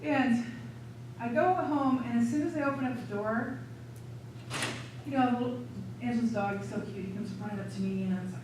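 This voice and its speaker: A woman's voice: a little high, brisk, pauses often, background noise. Chatty woman seminar leader, echoey distant mic. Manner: chatty, animated storyteller who acts out her inner thoughts. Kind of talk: teaching through a personal story.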